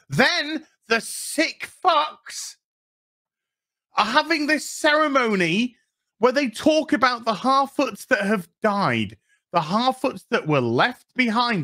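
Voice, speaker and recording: A man's voice: extremely high pitch, animated, takes it slowly, sharp tone. A man with a Yorkshire accent ranting sarcastically through a TV episode review, swearing often. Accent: Yorkshire English. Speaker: TV review vlogger.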